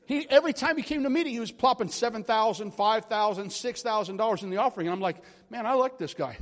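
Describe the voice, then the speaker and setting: A man's voice: high-pitched, quick pace. A man preaching a charismatic sermon, telling stories animatedly and checking in with the congregation. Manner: animated, rambling storyteller addressing congregation. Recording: long hall reverb.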